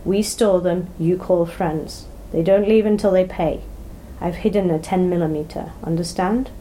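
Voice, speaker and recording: Woman doing a slick sweet-talking guy, soft and mellow. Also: on the low side, fairly even intonation, moderate pace, slight background noise, close to an everyday voice, poor audio. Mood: scheming. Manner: smooth, persuasive. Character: slick scheming local man, bearded.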